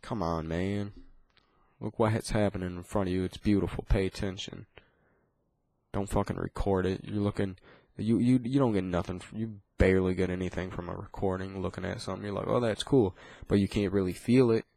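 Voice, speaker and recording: A man with a lowish voice rants in a loose, casual way, cursing nearly every line and restarting his sentences. The sound is dry, with no room echo. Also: steady tone, brisk, creaky, warm tone. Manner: swears constantly, rambling with restarts. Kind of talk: casual profane rant.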